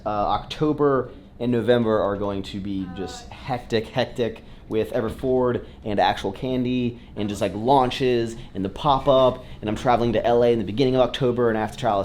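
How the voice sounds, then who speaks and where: A man's voice: medium pitch, darkish tone, slight background noise. A young man in his twenties, a fitness vlogger talking casually to a handheld camera, upbeat and rambling with plenty of fillers. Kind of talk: casual vlog chat. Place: gym, office and car.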